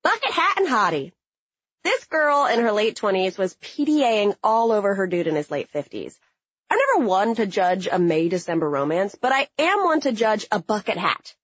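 A young adult woman telling a funny personal story in a sarcastic, blunt and animated way. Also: medium pitch, normal speed, slightly rough, no room sound, highs cut off. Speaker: narrator.

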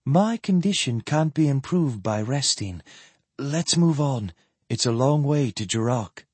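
A man voicing a weary, stern woman traveler who speaks in a crisp, clipped manner. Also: mid-range voice, lively intonation, measured pace, darkish tone, dry recording. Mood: brisk.

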